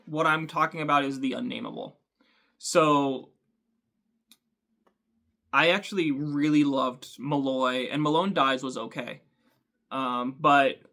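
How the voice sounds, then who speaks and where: A man hosting a book channel, talking thoughtfully to camera with frequent ums and pauses. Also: mid-range voice, fairly bright tone. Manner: thoughtful, hesitant, many ums. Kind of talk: casual talk to camera.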